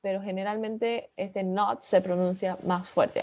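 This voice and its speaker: A woman's voice: mid-range voice, steady tone, normal speed, darkish tone. Bilingual woman teaching an English class. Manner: explains in English, then repeats in Spanish.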